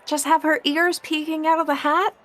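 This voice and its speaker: An eager, chatty woman playing at a tabletop game. Her voice is fairly high-pitched, and she describes things with enthusiasm. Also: flat delivery, moderate pace, a bit bright, slight background noise. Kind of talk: casual in-character banter.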